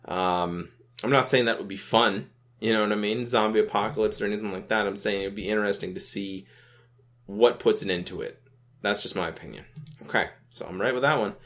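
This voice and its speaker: A man's voice: on the low side, fairly quick, fairly bright tone. A young man casually commenting on a browser game, rambling and laid-back, often tacking on filler phrases and swearing offhandedly. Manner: rambling and laid-back, keeps adding "you know what I mean", swears casually. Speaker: gaming video host.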